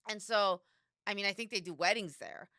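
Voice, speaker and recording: A woman co-hosting a podcast, chatting casually and telling lively stories with acted-out quotes. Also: mid-range voice, moderate pace, dry recording, studio quality. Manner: lively storyteller, acts out quotes. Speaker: podcast co-host. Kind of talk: casual chat.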